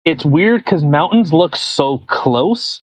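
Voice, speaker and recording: A man's voice: a little high, lively intonation, slow, no room sound, poor audio. A man co-hosting a podcast, chatting casually and rambling with lots of restarts. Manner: rambling, restarts with many fillers. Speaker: podcast co-host. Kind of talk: casual chat.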